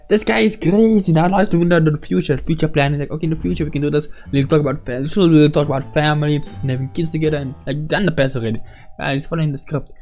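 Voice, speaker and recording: Excitable man reacting to a video. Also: fairly high pitch, fast talker, soft background music. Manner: excitable, laughs a lot, talks to chat as "bro" and "guys". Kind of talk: casual reaction commentary.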